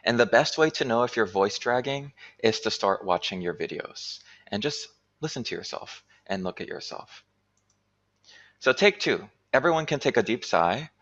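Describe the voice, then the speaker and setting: Brief: man teacher trainer, lowish voice, clear instructional delivery, dull lo-fi sound. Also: a bit bright. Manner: clear instructional talk with frequent "right?". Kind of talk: online teaching workshop.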